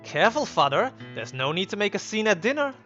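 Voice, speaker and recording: A man's voice: high-pitched, big pitch swings, quick pace, muffled recording, over music. A man voicing a sarcastic young son in a game, cool and mocking.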